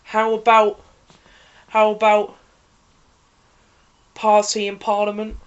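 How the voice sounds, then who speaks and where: A woman's voice: mid-range voice, completely flat delivery, takes it slowly, clear, resonant tone. A woman, co-hosting a casual podcast with teasing, playful banter. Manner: playful, teasing, bursts into laughter. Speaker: podcast co-host. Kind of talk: casual chat. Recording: dull lo-fi audio.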